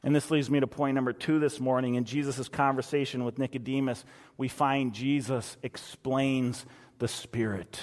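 A man's voice: medium pitch, fairly even intonation, normal speed, long reverb tail. A man preaching a sermon as pastor, emphatic and repeating phrases for stress.

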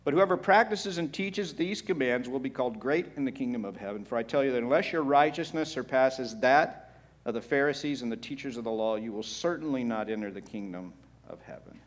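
Speaking fairly quickly, a man preaching a sermon moves from hushed, low stretches to loud, forceful bursts, asking the congregation rhetorical questions as he goes.

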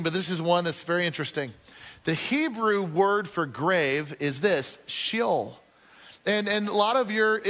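A male pastor preaching a sermon earnestly, asking the congregation questions and slowing down to stress his points. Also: high-pitched, fairly bright tone, in a large hall.

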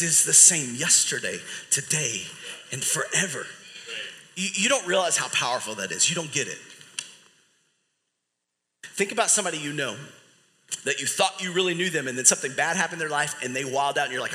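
A man's voice: on the high side, sharp tone. A man preaching a sermon as pastor in a church, talking energetically and conversationally with lots of rhetorical questions. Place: church sanctuary. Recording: long hall reverb.

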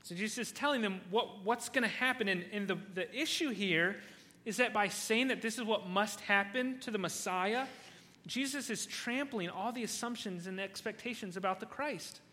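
A man's voice: sits high, moderate pace, pushed and bright, long reverb tail. A man preaching a sermon, emphatic and stopping often to restart and repeat words. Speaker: pastor.

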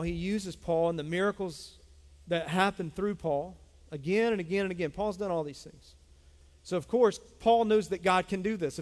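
Emphatic preaching man in a reverberant church. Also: sits high. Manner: emphatic, repetitive preaching with audience call-outs. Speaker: pastor. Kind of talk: sermon. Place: church sanctuary. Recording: long hall reverb.

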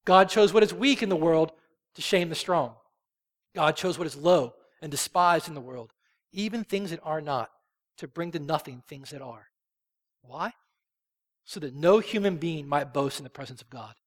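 High-voiced man preaching in a reverberant hall. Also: normal speed. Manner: emphatic, swells loud on key phrases then drops soft. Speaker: pastor. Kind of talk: sermon. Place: church sanctuary.

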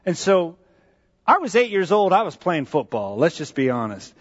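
A man with a fairly high voice preaches from a church stage, telling a personal story in an animated, repetitive way. His voice carries a long hall echo and sounds dull and muffled. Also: moderate pace. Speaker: pastor. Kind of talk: sermon storytelling.

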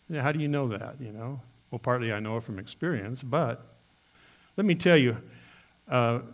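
A man preaching a sermon as a pastor, earnest and speaking straight to his listeners with many questions. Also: mid-range voice. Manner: earnest, asks the congregation questions.

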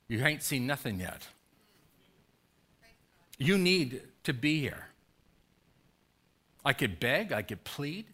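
A man's voice: mid-range voice, very animated, takes it slowly, long pauses, sharp tone, slightly rough. A man preaching a sermon as pastor, urging and pleading with his congregation through emphatic repeated questions.

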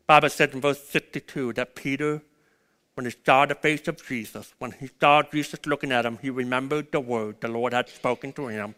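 A man preaching a sermon, swinging between loud urgent peaks and hushed low passages. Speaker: pastor.

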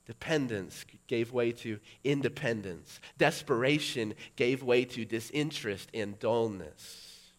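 A middle-aged male pastor preaching a sermon, building to loud, emphatic peaks. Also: medium pitch, unhurried, hardly any pauses.

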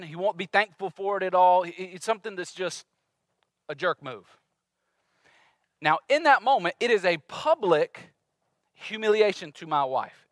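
Bright, lively-voiced male pastor preaching. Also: sits high, no echo. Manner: animated, conversational preaching with playful acted-out voices. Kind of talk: sermon.

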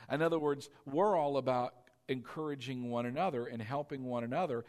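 A male pastor delivering a sermon, leading the congregation in call-and-response and swinging from loud, emphatic peaks down to soft, intimate asides. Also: medium pitch, a little fast, big-room sound. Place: church sanctuary.

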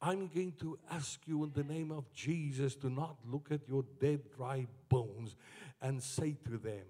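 A man preaching a sermon to his church, moving from slow, low passages up to shouted climaxes.

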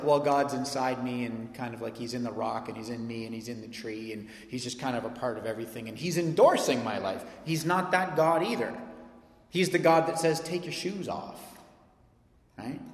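A man preaching a sermon as pastor, emphatic and animated, swinging from loud peaks to soft, quiet stretches. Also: medium pitch. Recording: echoey hall sound.

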